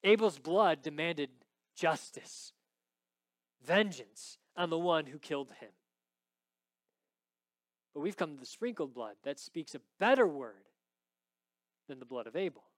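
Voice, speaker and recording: Male pastor, high voice, dry close sound, dramatic sermon delivery with hushed drops and loud peaks. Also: animated, a little slow, pauses often, no room sound.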